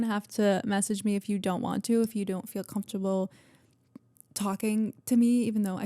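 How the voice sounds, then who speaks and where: A woman's voice: mid-range voice, level tone, a little fast, mellow, no room sound. Young woman, podcast host, casual chat, gushing, filler-heavy, close dry sound. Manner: chatty and gushing, full of fillers and swearing.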